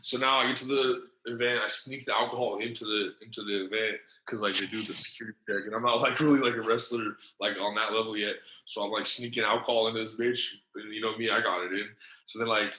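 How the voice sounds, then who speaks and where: A man's voice: fairly low pitch, fairly even intonation, fast talker, pushed and bright, reverberant, rough recording. A man telling a long story in casual, profane slang, acting out the quotes as he goes. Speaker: podcast guest.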